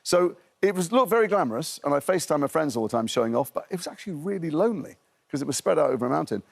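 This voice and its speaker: A middle-aged man from Liverpool talks quickly and chattily as a guest on a morning TV interview. He spins self-mocking anecdotes one after another. The sound is close and dry, with little room echo. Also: on the high side, lively intonation, vocal fry. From Liverpool, England. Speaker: actor guest. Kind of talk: breakfast TV interview.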